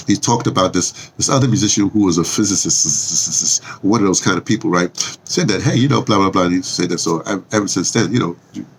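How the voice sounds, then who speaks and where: A man's voice: sits low, slightly rough. An older man from the Bronx, a vlogger rambling casually with lots of fillers and restarts. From New York, the Bronx.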